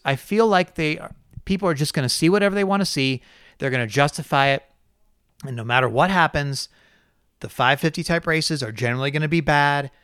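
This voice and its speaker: A man co-hosting a podcast in casual chat, ranting with plenty of exasperation. His voice is smooth and a touch high. The sound is close and dry. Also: no echo. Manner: animated, exasperated, mocks others in quoted voices. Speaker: podcast host.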